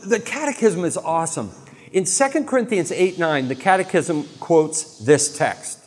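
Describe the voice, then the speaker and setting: A man giving a lively, jokey talk to a live audience on faith, full of quick asides. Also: fairly high pitch, slight background noise. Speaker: Catholic speaker. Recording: long hall reverb.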